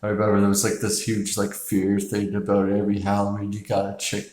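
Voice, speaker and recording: A man's voice: on the low side, completely flat delivery, fairly quick, a little mellow. A man casually reviewing a horror film in a loose, rambling, profane way, with frequent chuckles and filler words. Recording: echoey room.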